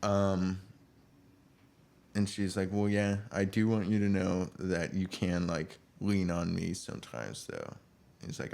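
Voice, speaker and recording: A man's voice: sits low, takes it slowly, creaky, a little mellow. A young man co-hosting a podcast, chatting casually about a reality show and acting out people's lines in exaggerated voices, often laughing. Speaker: podcast co-host. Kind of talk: casual reality-TV recap chat.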